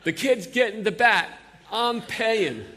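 A man's voice: high voice, animated, takes it slowly, sharp tone, voice pushed up, exaggerated voice. A man putting on a brash Bronx guy. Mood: bickering, insistent. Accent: New York (Bronx). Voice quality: brash, blunt, argumentative. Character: gruff loud Bronx man arguing in a line. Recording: long reverb of a large hall.

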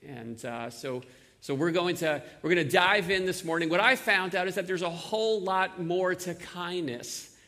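A man's voice: high-pitched, moderate pace, bright, forceful tone. A middle-aged man with a New York accent, a pastor telling a story in a casual, conversational sermon with many fillers and restarts. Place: church sanctuary. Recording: long reverb of a large hall.

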